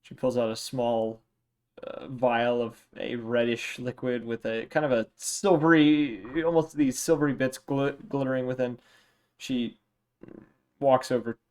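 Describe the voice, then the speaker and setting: A game master narrates a tabletop game with slow, easy pacing. The tone is amused and loose, with frequent laughter breaking through the rules calls. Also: medium pitch, a little mellow. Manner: unhurried, amused, laughs often. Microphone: home mic on a stream.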